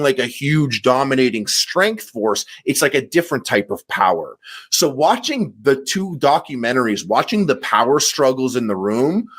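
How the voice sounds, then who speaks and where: A man with a mid-pitched, ordinary voice talks loosely on a podcast. He wanders through his thoughts and leans on "like" again and again. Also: fairly bright tone. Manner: rambling, heavy use of "like" fillers. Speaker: podcast co-host. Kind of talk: casual podcast chat.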